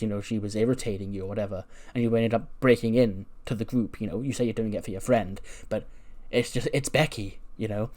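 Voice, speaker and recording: A man casually narrating a wrestling management game playthrough, animatedly acting out the characters' lines. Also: medium pitch. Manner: animated storyteller, quick voices for characters. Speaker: gaming YouTuber narrating a wrestling sim.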